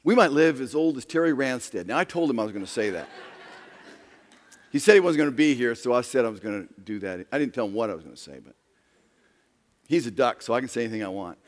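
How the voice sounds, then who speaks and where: A pastor preaching a sermon, swinging from quiet, low talk to loud, raised passages. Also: male voice, lively intonation, quick pace. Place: church sanctuary. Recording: long reverb of a large hall.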